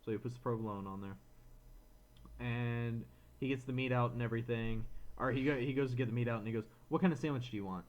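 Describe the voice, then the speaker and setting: A man co-hosting a podcast, telling a frustrated story in casual chat, animated and ranting, slipping into quoted voices. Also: medium pitch, fast, muffled recording. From Florida, USA. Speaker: podcast co-host.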